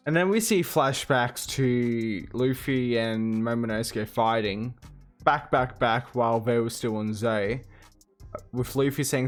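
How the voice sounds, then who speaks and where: A man talks through a manga chapter in an easygoing monologue, his voice sitting at an ordinary middle pitch. He recaps scene by scene with plenty of fillers and quick quotes. Soft music runs faintly underneath. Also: steady tone. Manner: loose recap with fillers, quoting characters in passing. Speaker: manga reviewer. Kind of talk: casual chapter review monologue.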